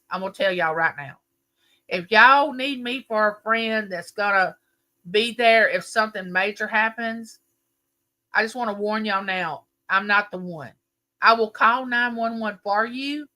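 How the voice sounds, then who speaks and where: Bright-voiced woman telling a story. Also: mid-range voice. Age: middle-aged. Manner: animated, emphatic storyteller. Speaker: livestream host. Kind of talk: casual storytelling chat.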